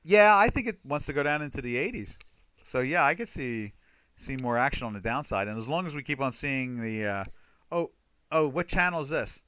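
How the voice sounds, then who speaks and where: A man's voice: mid-range voice, expressive, brisk, pushed and bright, clean tone, dry recording. An older man hosting a trading webinar, chatting loosely about charts with many fillers and restarts. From United States. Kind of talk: casual market commentary over charts.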